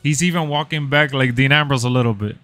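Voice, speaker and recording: A man hosting a live watch-party stream, reacting to the show with excitable, slangy commentary. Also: mid-range voice, quick pace, soft background music. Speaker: livestream reaction host.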